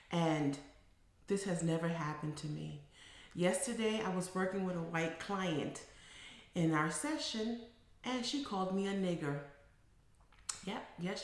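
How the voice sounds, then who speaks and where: A middle-aged woman, a psychotherapist, telling a story in a casual monologue, emphatic and animated, building to forceful declarations. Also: fairly low pitch. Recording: very echoey room.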